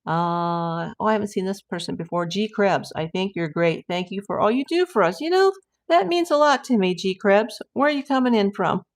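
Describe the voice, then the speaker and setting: A woman's voice: mid-range voice, moderate pace. A middle-aged woman hosting a casual livestream, chatting and reading viewer comments aloud in a rambling way. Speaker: livestream host.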